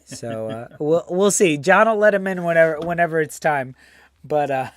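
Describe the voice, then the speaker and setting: A man from the United States hosting a casual fan show, loud and teasing, swearing freely and greeting viewers by name. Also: a little high, animated, slow, long pauses, no echo. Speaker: host.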